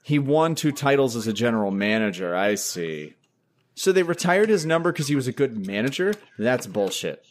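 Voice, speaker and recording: Animated sweary male podcast host. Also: medium pitch, normal speed. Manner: sweary, reads facts aloud, laughs often. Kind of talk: casual chat reading from a wiki page.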